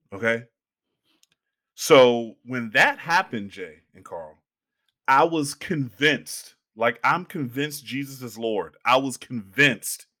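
A young man telling a long story in casual podcast chat, animated and acting out the people he quotes. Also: medium pitch.

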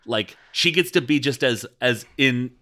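A man co-hosting a podcast in casual chat, lively and quick to laugh. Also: mid-range voice. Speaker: podcast co-host.

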